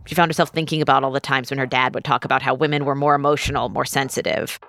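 A woman host narrating a true story in a measured, scripted style and interviewing her guest. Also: a bass voice, little pitch movement, fairly bright tone, soft background music.

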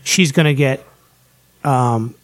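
A man's voice: mid-range voice, takes it slowly. A man in casual podcast chat, ranting animatedly with heavy swearing. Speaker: podcast co-host.

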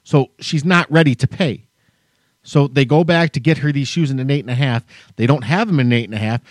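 A man's voice: medium pitch, a little fast, dry recording, clean studio sound. A man co-hosting a podcast, telling a long story as a heated, profane rant. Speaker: podcast co-host. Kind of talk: casual chat, storytelling rant.

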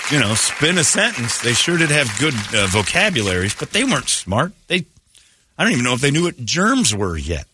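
A man's voice: mid-range voice, huge pitch swings, fairly quick, sharp tone, some chatter behind, slight background noise. A man hosting a morning radio show, joking and rambling in casual banter at a studio microphone.

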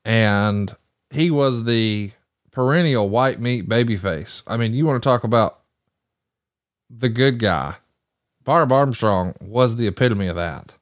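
Recorded in a clean studio with no echo, this Southern American man hosts a podcast and shares old stories in a casual, enthusiastic chat. He speaks at a medium pitch and a measured pace, keeping things informative as he tells his tales.

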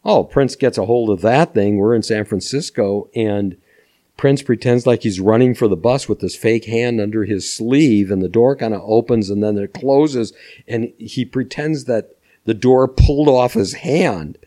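An older man, a former music manager and podcast guest, telling animated stories with frequent laughter. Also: lowish voice, measured pace. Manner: animated, laughs often, acts out voices. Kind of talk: anecdotal storytelling.

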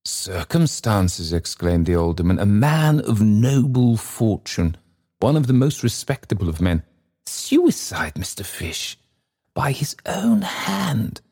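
A man's voice: low-pitched, expressive, normal speed, darkish tone. A man doing a pompous alderman. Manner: pompous, sanctimonious. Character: pompous male alderman, smug, self-important.

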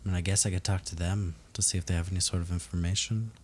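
A man's voice: deep voice, steady tone, very fast, a little mellow, a little hiss or hum. A man playing in a tabletop game, chatting casually and hesitantly. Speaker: player.

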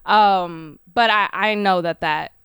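A woman's voice: mid-range voice, takes it slowly, a bit bright, clean tone, dry recording, clean studio sound. A woman co-hosting a casual sports talk show, easygoing and thoughtful. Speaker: podcast co-host, former athlete.

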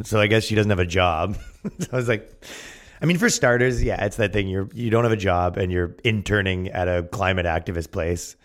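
A man's voice: low-pitched, moderate pace. A man hosting a solo comedy podcast, rambling sarcastically, laughing at his own points and restarting sentences mid-thought. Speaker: podcast host.

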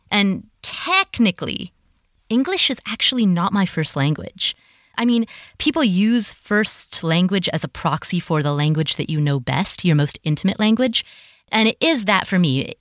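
A woman's voice: on the low side, dry recording, studio quality. A woman hosting a solo podcast from a home closet, chatty and enthusiastic, with carefully articulated speech. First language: Nepali. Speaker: podcast host. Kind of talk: solo podcast outro, reading listener reviews. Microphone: home studio mic in a closet.

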